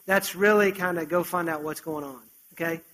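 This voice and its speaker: A man preaching a sermon, retelling a story with animated, conversational asides. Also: on the high side, moderate pace, rough recording.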